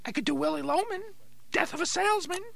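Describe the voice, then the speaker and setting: A man's voice: fast, a bit bright, dry recording, heavily acted. A man voicing a big-mouthed male wooden ventriloquist's dummy in a comedy podcast routine, whiny and theatrical. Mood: pleading. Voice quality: squeaky, gravelly.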